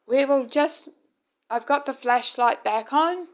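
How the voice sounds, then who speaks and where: A woman narrating a home video at night, speaking softly and tenderly to her late husband. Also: high voice, slow. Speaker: vlogger. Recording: dull lo-fi phone recording.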